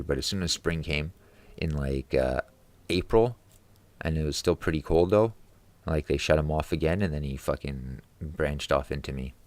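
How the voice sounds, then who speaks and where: Very deep-voiced man ranting, heavy swearing. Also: a little mellow, dry recording. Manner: profane, angry ranting. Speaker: vlogger. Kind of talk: casual ranting monologue. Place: his room at home.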